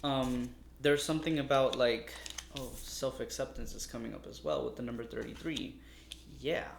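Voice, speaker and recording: A man's voice: medium pitch, normal speed, vocal fry. Chatty man reading tarot, echoey room. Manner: chatty, meandering, addresses viewers warmly as loves. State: a little exasperated. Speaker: tarot reader. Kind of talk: casual spoken tarot reading. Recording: echoey room with faint noise.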